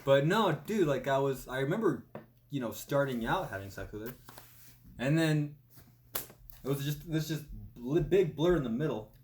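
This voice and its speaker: A man's voice: medium pitch, animated, normal speed, a little mellow. Laid-back young man over faint hiss. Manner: laid-back, calls people "dude". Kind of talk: casual chat.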